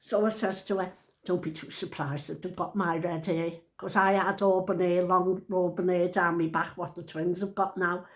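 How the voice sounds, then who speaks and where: A woman's voice: on the low side, flat delivery, normal speed. An older woman with a Liverpool accent, telling a family story in a chatty, rambling, homely way. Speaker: vlogger. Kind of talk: casual storytelling.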